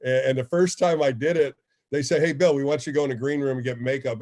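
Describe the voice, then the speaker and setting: A man's voice: mid-range voice, quick pace. A former ballplayer turned radio host telling stories in a casual interview, acting out the people he quotes. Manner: animated storyteller, acts out quoted dialogue.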